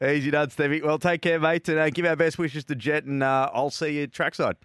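A man with an Australian accent co-hosting a motorsport radio show. He speaks in relaxed chat, laughs easily and reads the sponsor lines smoothly. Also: on the high side, brisk, no room sound, studio quality.

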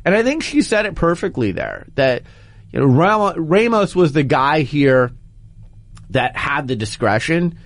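A man's voice: medium pitch, dry recording. Guy hosting sports talk, making his case hard, dry close mic sound. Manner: opinionated, animated, building arguments.

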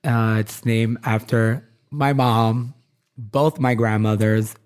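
A man talking freely as an interview guest, his voice sitting at an ordinary middle pitch. He fills his stories with "like" and slips into other people's voices when he quotes them. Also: steady tone, takes it slowly, darkish tone, smooth. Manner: chatty, leans on "like", acts out quoted voices. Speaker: fashion designer, guest. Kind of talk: casual interview chat.

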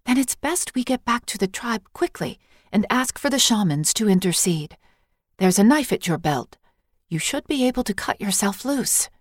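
A woman voicing a young tribal woman held captive, who speaks calmly, firmly and practically to her brother. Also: fairly high pitch, normal speed, dry recording, studio quality, voice pushed up. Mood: calming. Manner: calm, firm, practical.

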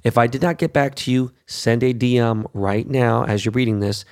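A man's voice: mid-range voice, normal speed, darkish tone. A brash young man hosting a show, cursing constantly through a ranting monologue. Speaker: show host.

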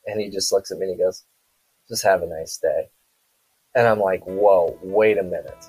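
A man's voice: sits low, moderate pace, slightly rough, soft background music, rough recording. A man from South Dakota, a podcast guest, telling a story in a casual, rambling way full of quoted back-and-forth dialogue.

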